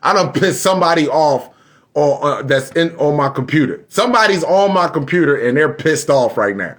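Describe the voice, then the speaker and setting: A man hosting a live stream in a casual, rambling way. His voice sits a bit high for a man. He laughs often and sounds exasperated as he talks to his viewers. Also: expressive, moderate pace, fairly bright tone. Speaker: livestream host.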